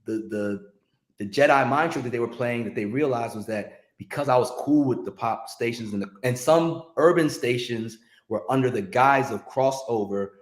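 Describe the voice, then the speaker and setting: A man, a longtime record promotion rep, telling stories in a casual interview in an animated, slangy way. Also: mid-range voice, normal speed, reverberant. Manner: animated, slangy, restarts when excited.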